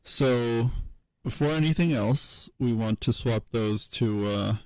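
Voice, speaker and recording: A man giving a casual livestream tutorial, thinking aloud at his computer in a halting way, with many fillers and self-corrections. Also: mid-range voice, no echo, rough recording. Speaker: streamer teaching historical linguistics.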